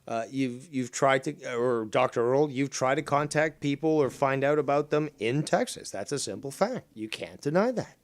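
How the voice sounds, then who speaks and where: A man's voice: mid-range voice, lively intonation, moderate pace, hardly any pauses, dry recording. Angry, profane man ranting. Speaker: stream host. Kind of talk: ranting livestream commentary.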